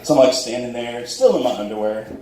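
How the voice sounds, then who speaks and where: Recorded from a distance in a roomy club with background noise, this young stand-up comic speaks expressively and fairly quickly. His self-deprecating set features him voicing dialogue in high, squeaky tones.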